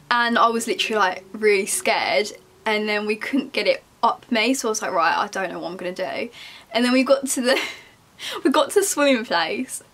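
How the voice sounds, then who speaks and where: A woman's voice: a little high, fairly bright tone. A young woman, candidly rambling through a casual question-and-answer chat to camera. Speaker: YouTuber.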